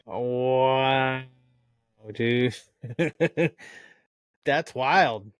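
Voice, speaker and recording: A man's voice: mid-range voice, drawn-out words, clean tone, dry recording, studio quality. A man hosting a podcast, chatting casually, reacting laid-back and swearing now and then. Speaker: podcast host. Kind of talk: casual chat.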